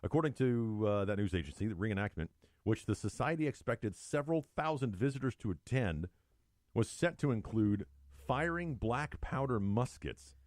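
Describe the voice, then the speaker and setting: A man's voice: lowish voice, lively intonation, normal speed, a little mellow, no room sound, clean studio sound. A man co-hosting a talk show, reading news stories aloud with mocking, sarcastic asides. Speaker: radio show co-host. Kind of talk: opinionated talk show chat.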